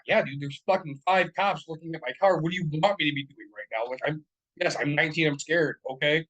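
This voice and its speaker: Young guy cohosting a podcast, kinda high voice, swears a ton, rambly stories. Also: a little fast, fairly bright tone, rough recording. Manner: profane, rambling storytelling with frequent laughs and fillers. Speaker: podcast co-host. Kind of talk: casual chat.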